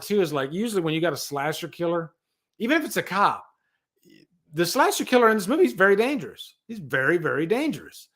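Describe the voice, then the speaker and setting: A man hosting a casual livestream, rambling and animated as he tells stories and reads out chat. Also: high voice. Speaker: livestream host.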